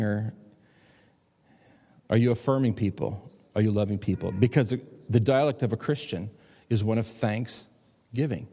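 A middle-aged man preaching a sermon in a church, emphatic and pressing his points. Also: a little mellow. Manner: emphatic, rising high when pressing a point. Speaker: pastor. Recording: long hall reverb.

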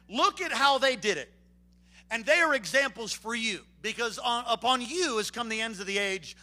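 High, bright-voiced preacher, loud to hushed. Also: male voice. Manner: animated, swinging from hushed to shouting. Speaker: pastor. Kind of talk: sermon. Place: church before a congregation.

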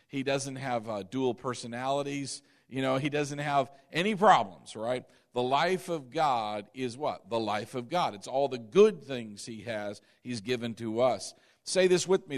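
A man preaching a sermon, asking the congregation questions and building from soft to loud emphasis. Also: fairly high pitch. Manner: call-and-response questions to the congregation. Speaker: pastor.

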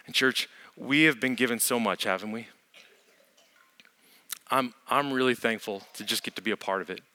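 A man's voice: mid-range voice, normal speed, bright, forceful tone. A man speaking from the front of a church, earnest and thankful as he addresses the congregation. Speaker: pastor.

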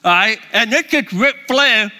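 Middle-aged male speaker, high and sharp-toned, animated storyteller to a live audience. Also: unhurried. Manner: lively, enthusiastic, holds up props.

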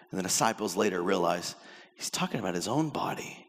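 A man's voice: lowish voice, animated, fast, fairly bright tone. A man preaching a sermon as pastor, acting out the voices in the passages he quotes. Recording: long hall reverb.

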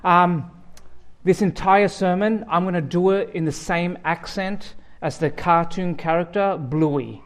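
A man with an Australian accent delivers a sermon as a guest pastor. His voice sits fairly high for a man, and he keeps it conversational, slipping in jokes as he goes. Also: measured pace. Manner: joking, conversational preaching.

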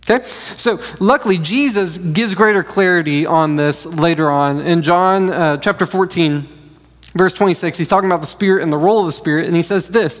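A man's voice: sits high, brisk. A man in his thirties preaching a conversational, joking sermon from a church stage, restarting his sentences often. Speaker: pastor. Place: church sanctuary. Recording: long reverb of a large hall.

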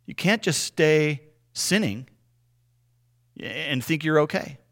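A man giving a conversational Bible teaching, explaining things earnestly and often checking in with a quick "right?". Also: on the high side, animated, gravelly, fairly bright tone.

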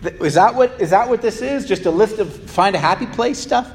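A man preaching a sermon to a congregation, animated and emphatic, and given to humorous asides. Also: sits high, fairly quick. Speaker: pastor. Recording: long reverb of a large hall.

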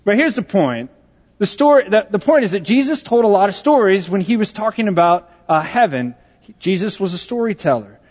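A pastor from Texas preaching a sermon, telling a personal story in a conversational, joking way. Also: male voice, sits high, big pitch swings, a little fast, darkish tone, husky. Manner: conversational and joking, with self-deprecating asides. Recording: dull sound in a large reverberant hall.

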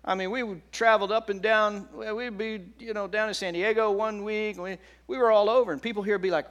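A man's voice: sits high, fairly even intonation, brisk, a bit bright, clean tone, lo-fi sound. A middle-aged man preaching a sermon in a conversational way, often putting questions to the congregation. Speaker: pastor.

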